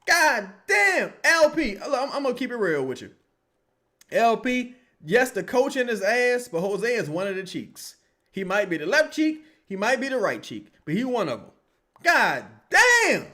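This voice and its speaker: A man reacting live to a basketball game and reading chat, with loud, profane, exasperated outbursts. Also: sits high, big pitch swings, normal speed. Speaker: sports streamer reacting live.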